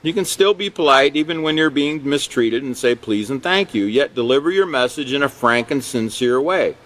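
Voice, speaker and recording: A man's voice: mid-range voice, normal speed, a bit bright. A man teaching a character education class in a conversational lecture style, often checking in with "you know" and "okay" and chuckling along the way.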